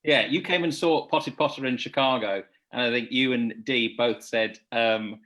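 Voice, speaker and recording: A man's voice: medium pitch, moderate pace, a bit bright. A man chatting on a video call, easygoing and self-deprecating. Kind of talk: casual video-call chat.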